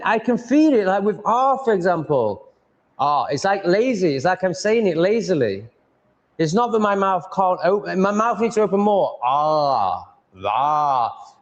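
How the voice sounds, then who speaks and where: A man chatting casually on a live stream, mumbling and rambling, swearing freely and reading chat aloud. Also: high voice.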